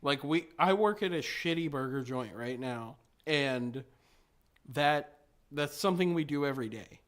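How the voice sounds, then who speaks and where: A man's voice: on the high side, animated, measured pace. A man chatting earnestly on a podcast, with an occasional "um" as he recalls things. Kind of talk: casual podcast chat.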